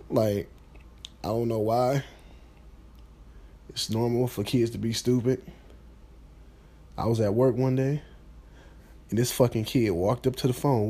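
Twenties male, husky and rough, casual swearing rant, exasperated. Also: medium pitch, warm tone. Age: 20s. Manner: blunt, exasperated, swearing freely.

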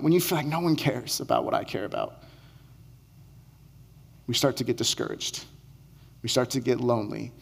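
A man's voice: a little high, gravelly. A male pastor giving a conversational sermon, acting out quoted lines as he speaks. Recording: long hall reverb.

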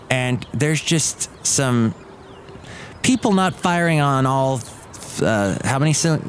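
A man hosts a podcast in a loose, chatty monologue. He drifts from one thought to the next, trailing off and correcting himself. A faint hum sits behind his voice. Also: medium pitch. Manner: digressive, trailing off and self-correcting. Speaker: podcast host. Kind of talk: casual rambling monologue.

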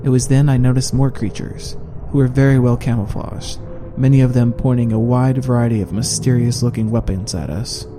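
A man reading a fantasy audiobook in steady, measured first-person narration. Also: mid-range voice, over music.

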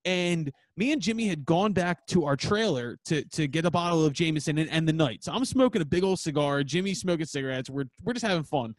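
A man hosting a podcast in casual chat, telling stories in an animated way and swearing freely. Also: fairly high pitch, no room sound. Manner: animated, profane, quick storytelling. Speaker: podcast host and band member.

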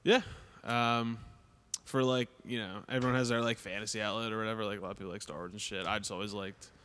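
A man's voice: on the low side, steady tone, fast talker, a bit bright, clear, resonant tone, long reverb tail. A young man co-hosting a podcast, laid-back with short replies and dry jokes. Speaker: podcast co-host. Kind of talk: casual chat.

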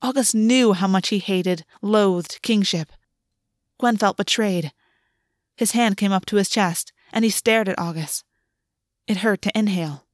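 A woman narrating a fantasy story in a measured, expressive way. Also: medium pitch, dry recording, studio quality. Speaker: audiobook reader.

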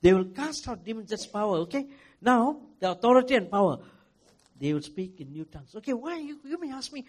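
Man, pastor, sermon, high voice, emphatic, repeats himself, loud then hushed. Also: big pitch swings, a little fast. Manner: emphatic, repeats phrases, swings from loud to soft.

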